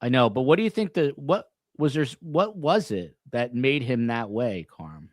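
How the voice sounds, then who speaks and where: A man's voice: mid-range voice, expressive, no room sound, studio quality. Rambling New man hosting a podcast. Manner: rambling, halting, many restarts. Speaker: podcast host. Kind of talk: casual chat.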